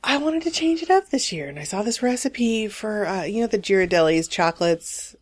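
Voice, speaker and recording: A woman in her forties co-hosting a podcast, telling animated stories and swearing freely in casual chat. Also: medium pitch, normal speed. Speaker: podcast co-host.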